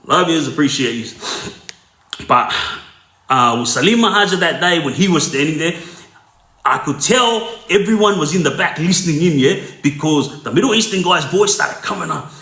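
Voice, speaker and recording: A man's voice: fairly high pitch, animated, moderate pace, sharp tone. A middle-aged Australian man telling street-wise prison stories in a blunt, casual way, checking in with "yeah?" and "you know". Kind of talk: casual spoken storytelling. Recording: roomy echo.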